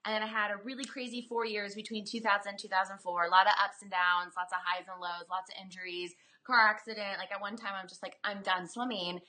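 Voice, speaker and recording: A woman in her thirties, a former Olympic swimmer, chatting as a guest over a video call in an animated, filler-heavy storytelling way. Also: mid-range voice, fast, few pauses. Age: 30s. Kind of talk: casual interview storytelling.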